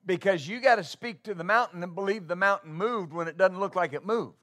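A man preaching a sermon as pastor, asking rhetorical questions and building to loud, stressed points. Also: high-pitched. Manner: halting with uh fillers when starting.

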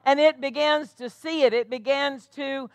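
A woman's voice: high voice, steady tone, moderate pace, dry recording. A woman pastor preaching a sermon, emphatic and calling out rhetorical questions to her congregation.

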